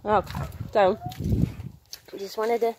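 A woman's voice: medium pitch, steady tone, slow, background noise. A young woman chatting casually to her phone camera from her backyard, folksy, now and then turning to talk to her little daughter. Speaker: vlogger, mother. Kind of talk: casual vlog chat. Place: outdoors in a backyard.

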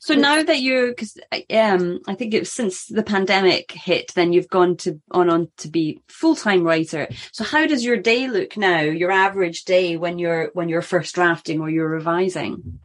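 Low-voiced woman podcast host. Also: normal speed. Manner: thoughtful questioner, restarts sentences. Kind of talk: podcast interview.

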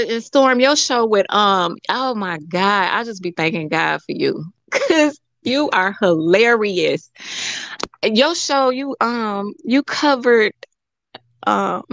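A woman hosting a call-in talk show, chatting casually, animated and rambling, laughing often. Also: medium pitch, vocal fry, no room sound, muffled recording. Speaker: show host.

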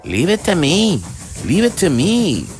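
A man doing a gruff steam engine. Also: lowish voice, big pitch swings, normal speed, music in the background, pitched above the performer's own voice. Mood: straining. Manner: grim, shouting with effort.

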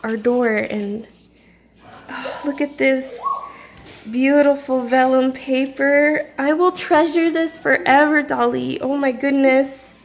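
A woman's voice: high-pitched, fairly even intonation, takes it slowly. A woman, gushing as she unboxes crafts in a casual home vlog. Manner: effusive, gushing. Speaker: craft vlogger.

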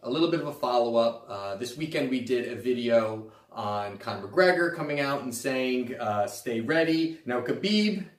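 A man's voice: mid-range voice, lively intonation, moderate pace, hardly any pauses, roomy sound, recorded from a distance. A man hosting a sports podcast, talking loosely and casually with many fillers and restarts. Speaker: host. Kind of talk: sports betting podcast commentary.

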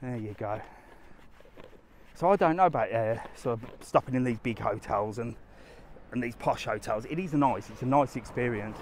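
A man talks to his live audience while strolling a sunny seaside resort, chatty and down-to-earth. His voice sits at an ordinary middle pitch. Faint street and traffic sounds carry behind him. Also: moderate pace, darkish tone. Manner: chatty, down-to-earth, answers viewer questions while walking. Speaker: travel vlogger answering live chat. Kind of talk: casual live-stream walking vlog.

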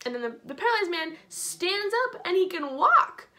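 Chatty kids' church teacher, a woman, high and bright, easygoing and filler-heavy. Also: lively intonation, a little fast, few pauses. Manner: bubbly, chatty, lots of "like". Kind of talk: casual children's Bible lesson.

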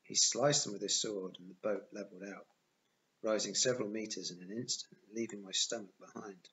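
A man's voice: on the low side, steady tone, moderate pace, fairly bright tone, muffled recording, a little hiss or hum. A man reading a novel aloud as an audiobook, narrating plainly in the first person. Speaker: audiobook reader.

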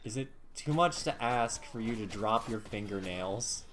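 A man's voice: on the low side, measured pace, a bit bright, slight background noise. A man in casual gaming banter with a friend, joking and defensive, laughing often. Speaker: gamer co-streaming.

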